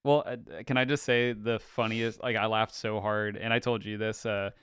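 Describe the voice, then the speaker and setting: Smooth-voiced young man chatting, laughing easily. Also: on the low side, level tone, normal speed, a bit bright, no echo, studio quality. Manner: laughs easily, lots of filler "like". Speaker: podcast host. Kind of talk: casual chat.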